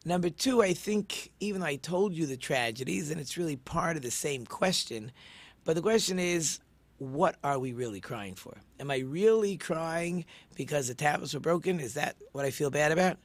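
A man's voice: fairly high pitch, expressive, moderate pace, no echo. A man leads an informal religious lesson in a somewhat raised register. He talks it through conversationally, full of rhetorical questions, ums and little restarts. The sound is dry and close. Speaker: Torah teacher.

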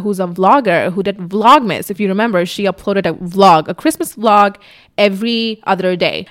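A young woman vlogger speaks straight into her tripod camera in a loose, candid sit-down chat. Her voice sits in the middle range, and she talks freely, with casual swearing. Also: mid-range voice. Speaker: YouTuber. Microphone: camera on tripod in front of her.

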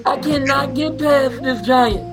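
A man's voice: extremely high pitch, steady tone, measured pace, over loud music. A man co-hosting a podcast in casual chat, complaining in an exasperated, joking way. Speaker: podcast co-host.

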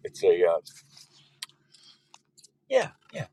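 A man hosting a loose, joking chat show, rambling and now and then bursting into loud put-on voices. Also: low voice, huge pitch swings, very slow, slight background noise, low-quality recording. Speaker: podcast host. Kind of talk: rambling casual chat with listeners.

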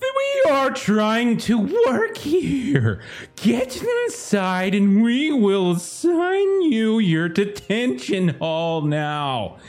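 A man voicing a strict mechanical schoolteacher woman who screeches orders slowly. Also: sits high, big pitch swings, darkish tone, pitched above the performer's own voice, exaggerated voice. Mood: shrieking. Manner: screeching, slow, barking orders.

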